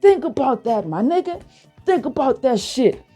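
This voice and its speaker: Dude going off on a football rant, swearing a lot, kinda dark mellow voice, faint music under it. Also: male voice, very high voice, sing-song, moderate pace, slightly rough. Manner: profane, fired-up, repeats himself for emphasis. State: worked up, feels hot-headed. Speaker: football channel host. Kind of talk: heated football rant to camera.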